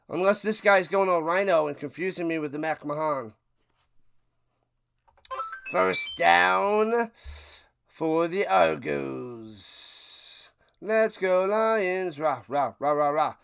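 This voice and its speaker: A chatty man calls a football game for his livestream watch party, joking along and jumping up in excitement on the big plays. His voice sits high and sounds smooth and clear. It is dry and close to the mic, with no room sound. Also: dry recording. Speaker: livestream play-by-play host. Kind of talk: casual play-by-play watch party commentary.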